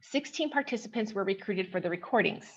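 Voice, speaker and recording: At an academic conference, a woman walks listeners through her paper in measured, explanatory fashion, habitually beginning points with "okay." She has a husky, mid-range voice with lively intonation, though the audio is dull.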